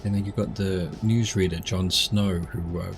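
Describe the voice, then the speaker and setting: A man's voice: low-pitched, fairly even intonation, normal speed, over music. A man giving casual, rambling commentary while streaming a driving game. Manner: rambling, chatty asides.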